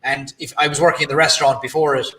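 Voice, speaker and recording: A man's voice: a little high, little pitch movement, racing, sharp tone. A man, hosting a casual interview with a joking, self-deprecating manner. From Ireland. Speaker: host. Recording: echoey room.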